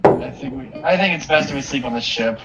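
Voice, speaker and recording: A man's voice: medium pitch, brisk, muffled recording, heavy background noise. A man playing a tabletop game, chiming in casually. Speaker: player. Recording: echoey room, far from mic, chatter.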